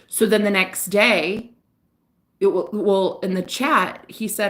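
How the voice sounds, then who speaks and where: A woman who works as a psychic reader, telling a personal story in a casual vlog, candid and lively, swearing now and then. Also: mid-range voice, slow pace. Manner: animated, candid, swears, laughs often.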